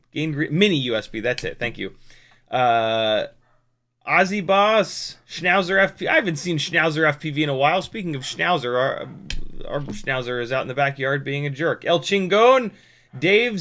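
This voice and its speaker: A man's voice: fairly high pitch, pushed and bright. A man reading out chat on a casual live stream from his home workshop, rambling with self-mocking asides and frequent restarts.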